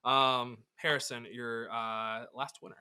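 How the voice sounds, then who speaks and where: A man's voice: medium pitch, little pitch movement, a little slow, bright, forceful tone, smooth. A man in his twenties co-hosting a casual sports podcast, rambling and cursing, often breaking off mid-sentence. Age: 20s. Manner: rambling, profane, self-interrupting. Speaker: podcast co-host.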